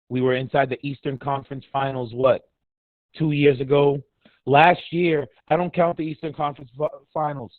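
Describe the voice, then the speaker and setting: A man's voice: medium pitch, no room sound. A man, from a Dominican family, delivering a heated, profane, sarcastic sports rant as a podcast co-host. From Dominican heritage. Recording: dry, tinny phone-like line.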